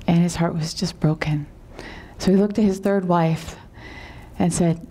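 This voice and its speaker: A woman yoga teacher telling a parable in a calm, unhurried way, sometimes dropping to a whisper and often asking "right?". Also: lowish voice, slightly rough.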